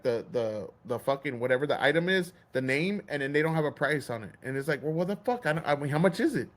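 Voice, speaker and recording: A man's voice: mid-range voice, a bit bright. A man hosting a podcast, ranting in casual, profane chat and acting out store clerks' lines. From Texas. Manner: heated, swearing, acts out store clerks. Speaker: podcast host.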